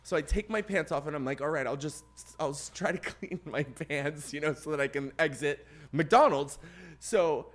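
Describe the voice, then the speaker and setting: Speaking at an ordinary pace in a slightly high voice, a male podcast co-host shares a long personal anecdote over casual chat. He's lively, imitating the other people in the story, and raises his voice when it peaks.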